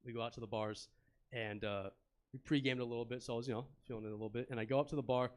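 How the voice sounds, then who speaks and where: Laid-back young stand-up comic. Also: male voice, medium pitch, fairly even intonation, racing. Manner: laid-back, chatty, banters with the crowd. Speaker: stand-up comedian. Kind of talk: stand-up comedy set. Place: comedy club stage.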